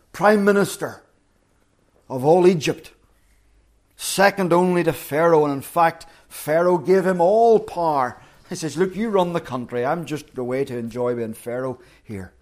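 A man's voice: a little high, darkish tone. A middle-aged man preaching a sermon, retelling a story dramatically and acting out the quotes.

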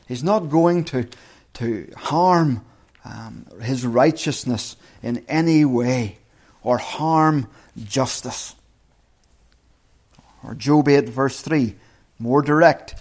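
A man preaching an evening sermon, reflective and measured, slowing down to read scripture aloud. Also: mid-range voice, a little mellow.

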